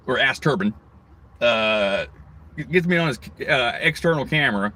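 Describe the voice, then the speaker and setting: A man's voice: mid-range voice, expressive, a little slow, bright, forceful tone. A man ranting angrily in a crude, rambling monologue, swearing constantly. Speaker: vlogger.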